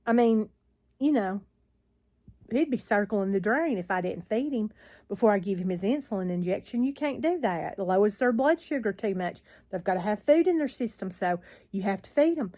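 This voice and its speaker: A woman's voice: medium pitch, animated, normal speed, dark tone. An older woman vlogging into her phone, chatting in a rambling, weary way with frequent sighs. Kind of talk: casual chat to camera.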